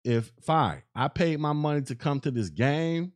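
A man's voice: a little high, lively intonation, unhurried. A man hosting a solo podcast in a casual, rambling rant, often restarting his sentences and tossing in filler phrases. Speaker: podcast host. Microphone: podcast microphone.

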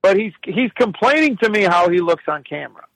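A man's voice: high voice, lively intonation, a little fast, fairly bright tone, dry recording, low-quality recording. A man telling rambling, profane stories in casual chat on a podcast. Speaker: podcast guest storyteller.

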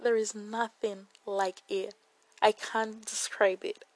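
A woman's voice: mid-range voice, flat delivery, slow, dry recording, rough recording. A young woman giving a devotional Bible reflection in an earnest way, often repeating phrases for emphasis.

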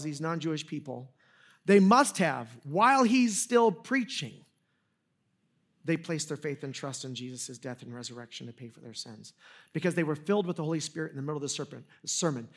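A man preaching a sermon in a conversational, storytelling way, joking at his own expense with frequent restarts. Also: fairly high pitch. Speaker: pastor.

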